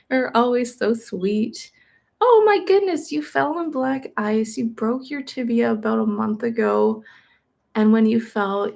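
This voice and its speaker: A woman giving a live-stream tarot reading, gentle and reassuring, rambling with many fillers, her voice crackling. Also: on the high side, creaky. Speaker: tarot reader.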